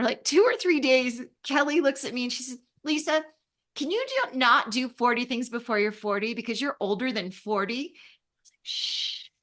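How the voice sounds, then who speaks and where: A woman in her fifties from Los Angeles, a travel writer telling stories in an interview, animated and acting out the voices she quotes. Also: a little high. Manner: animated, acts out quoted voices, laughs often. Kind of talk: casual storytelling in an interview.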